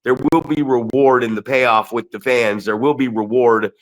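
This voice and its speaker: A man co-hosting a wrestling podcast, telling stories in an animated, excitable way with lots of restarts. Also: mid-range voice, normal speed. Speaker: podcast co-host and wrestling promoter. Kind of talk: casual storytelling chat.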